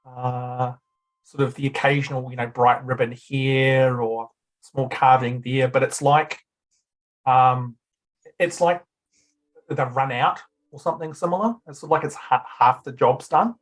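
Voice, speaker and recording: A man narrating a tabletop game as game master, describing scenes in a relaxed, loose way. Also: mid-range voice, unhurried, low-quality recording.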